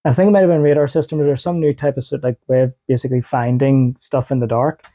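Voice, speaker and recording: A man's voice: medium pitch, steady tone, quick pace. A man co-hosting a casual podcast, telling loose stories and laughing easily. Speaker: podcast co-host. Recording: dull lo-fi podcast audio.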